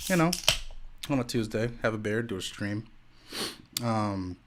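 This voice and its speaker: A man's voice: lowish voice, normal speed, long pauses, background noise. A young man chatting casually on a home live stream, rambling and laid-back, with lots of "like" and "dude". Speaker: streamer and podcast host. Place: home room.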